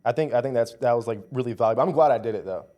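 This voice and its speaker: A young man in his twenties chats as a guest on a casual talk show. He tells his story in an animated way, packed with "like" and "dude". His voice sits at an ordinary middle pitch. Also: rapid-fire. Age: 20s. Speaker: powerlifter guest. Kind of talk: casual conversation.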